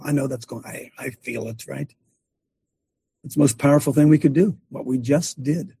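Gravelly husky preacher man, fired up. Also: fairly even intonation, moderate pace, dark tone, no echo. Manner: passionate, ranting, pitch leaping up when fired up. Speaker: preacher and show host. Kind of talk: fiery preaching to a congregation.

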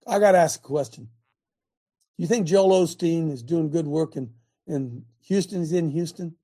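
Older guy preaching hard, gravelly fry in the voice, keeps asking the crowd questions. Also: fairly high pitch, dark tone. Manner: fiery, peppered with rhetorical questions to the crowd. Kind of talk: sermon.

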